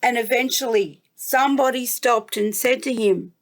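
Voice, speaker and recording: A woman from New South Wales with an Australian accent, gently telling a Bible story to children as a guest storyteller. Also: fairly high pitch. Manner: gentle, slow, warmly emphatic.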